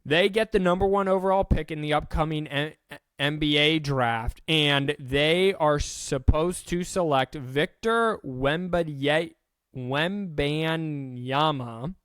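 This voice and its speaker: A man talks through the day's sports news on his own podcast in a casual, joking way, tripping over the odd name. His voice sits a little high and comes across smooth and clean. The close mic leaves it dry, with no room sound. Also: measured pace, a bit bright, no echo. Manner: chatty, self-deprecating, with restarts and stumbles over names. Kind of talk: casual solo sports rundown.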